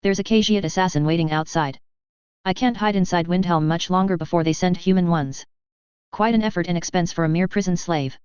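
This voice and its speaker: A woman's voice: lowish voice, brisk, darkish tone, clear, resonant tone, no room sound, lo-fi sound, lightly acted. A woman reading aloud, voicing a drunken, foul-mouthed male elf bartender who rambles about his troubles. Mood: fearful. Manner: slurred, crude, grumbling rant.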